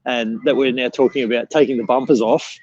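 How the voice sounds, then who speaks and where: A man's voice: mid-range voice, steady tone, brisk, a little mellow, breathy edge, no room sound, muffled recording. A man co-hosting a motivational morning session, speaking in an encouraging way. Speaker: co-host of a morning mindset session. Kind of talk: casual chat, motivational.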